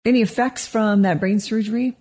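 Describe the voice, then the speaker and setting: A middle-aged woman co-hosting a marriage podcast, speaking gently and reflectively, often affirming her co-host. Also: mid-range voice, fairly even intonation, fairly quick. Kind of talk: casual podcast conversation.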